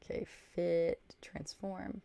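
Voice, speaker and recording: A woman's voice: on the low side, little pitch movement, slow, gravelly, dark tone. A woman hosting a casual livestream, chatting, thinking aloud and thanking viewers by name. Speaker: livestream host. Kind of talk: casual livestream chat reading viewer comments.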